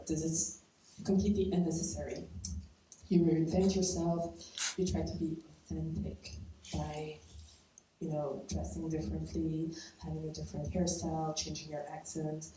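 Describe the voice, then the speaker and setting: A woman's voice: low-pitched, dark tone. A woman from Belgium telling a personal story to a live audience, casual and conversational, laughing at her own lines. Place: stage at a live storytelling event. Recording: echoey room from far off, faint noise.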